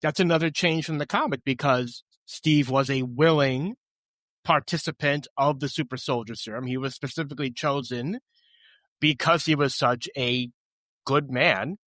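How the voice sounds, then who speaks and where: A man's voice: medium pitch, moderate pace, fairly bright tone, dry recording. A man co-hosting a podcast in casual chat, recapping the plot with offhand asides. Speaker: podcast co-host.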